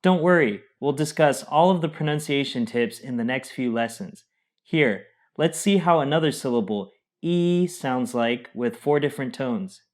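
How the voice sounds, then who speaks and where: A man explains in a calm, measured way as co-teacher of a scripted pronunciation lesson. His voice sits in an ordinary middle range. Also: mid-range voice. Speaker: Mandarin teacher.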